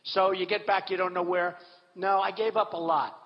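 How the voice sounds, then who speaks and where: Boastful high-voiced man rambling in a hall. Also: steady tone, moderate pace. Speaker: political candidate addressing a rally. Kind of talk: off-the-cuff campaign speech. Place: large hall with an audience. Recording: dull hall recording with long reverb.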